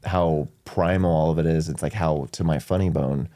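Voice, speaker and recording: A man from Texas with a Southern American accent, chatting casually as a comedian guest on a podcast, animated and quick to laugh. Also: extremely low pitch. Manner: animated, laughs often, slips into quick voices.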